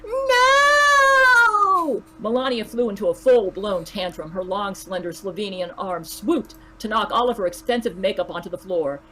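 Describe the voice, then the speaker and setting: A woman reading a story aloud in an even but dramatic narrating voice. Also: medium pitch, brisk, few pauses, slight background noise, rough recording.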